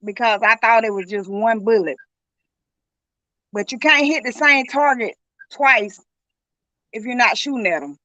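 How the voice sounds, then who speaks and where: A woman's voice: a little high, animated, a little slow, pauses often, pushed and bright, no echo, low-quality recording. A middle-aged woman telling how she lost her son, earnest and reliving the moments through retold dialogue. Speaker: guest, grieving mother. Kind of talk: emotional personal account.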